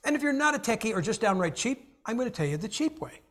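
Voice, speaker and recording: Lively, joking male preacher. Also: very high voice, fast. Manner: animated, jokey, acts out little scenes. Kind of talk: humorous sermon.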